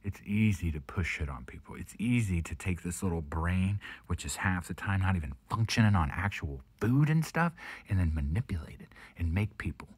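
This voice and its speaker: A man with a low, husky voice rants to camera in a heated, profane vlog. His pitch swings widely, and he keeps sinking into a hushed half-whisper. The sound is close and dry. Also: lively intonation, moderate pace, no echo. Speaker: vlogger. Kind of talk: casual profane rant to camera.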